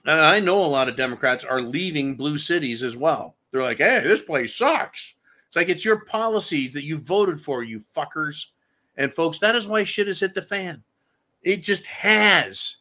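Man, host, profane angry rant, bright forceful voice, somewhat high pitch. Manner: angry, crude, swears constantly. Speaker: show host reading viewer comments.

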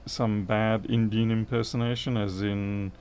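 A man's voice: lowish voice, level tone, measured pace, a little mellow, slight background noise. A middle-aged man, chatting casually and thinking aloud while he works through a repair on a livestream. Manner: rambling, thinks aloud, answers chat.

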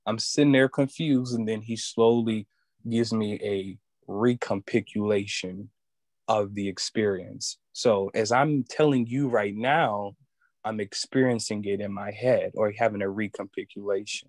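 A man sharing a personal religious testimony in an earnest, halting way, often restarting as he looks for words. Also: on the low side, fairly even intonation, darkish tone, no room sound. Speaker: student giving testimony.

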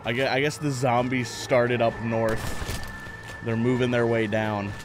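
A man's voice: mid-range voice, flat delivery, unhurried, music in the background. A man streaming a video game, joking playfully and blurting mock gunshot sounds. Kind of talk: gameplay commentary.

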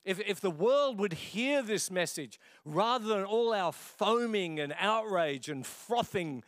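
A middle-aged pastor preaching with passion and an easy, conversational warmth of delivery. His voice sits a little high for a man and comes through close and dry. He preaches like he's talking to friends, with the odd laugh. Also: lively intonation, a little slow, no echo. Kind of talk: sermon. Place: church.

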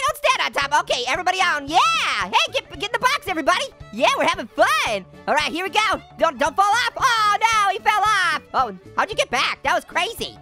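A woman hosting a let's-play, excitable and jokey, punning and laughing as she plays. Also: high voice. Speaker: gaming channel host. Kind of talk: energetic let's-play commentary.

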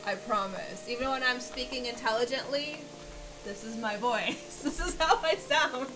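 A woman's voice: fairly high pitch, normal speed, music in the background, rough recording. Valley Girl woman chatting on a stream. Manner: slangy, swears casually. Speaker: stream guest. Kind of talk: casual chat.

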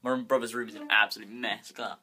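Holding his phone in his bedroom, a young man vlogs casually, speaking fast in a fairly low, sharp voice with fairly even intonation. He is restless and rambling, and he swears freely.

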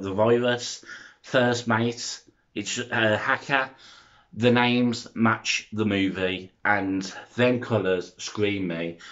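A young man, chattering excitedly and rambling through a makeup review vlog, filmed on a front-facing phone camera. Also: on the low side, muffled recording. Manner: excitable, rambling, self-interrupting. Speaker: makeup vlogger.

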